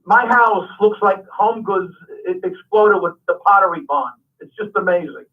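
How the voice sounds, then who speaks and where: A high-pitched man, a comedian guest on a radio talk show, telling stories with animated emphasis. His voice comes through thin and tinny, as though over a phone line, and a little far from the microphone. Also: moderate pace. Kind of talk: radio interview chat. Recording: tinny phone-like radio sound from the mic's distance.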